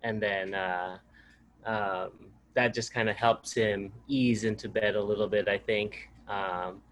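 A man's voice: lowish voice, steady tone, fairly bright tone, a little hiss or hum. Hesitant young father sharing. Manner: hesitant, halting with many pauses. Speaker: congregation member sharing. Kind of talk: personal testimony.

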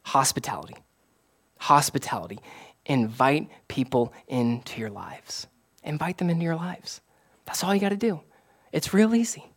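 A man, a pastor, preaching a casual, conversational sermon that rises to excited emphasis. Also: on the high side, moderate pace, pauses often, breathy edge. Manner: animated, rising to excited emphasis.

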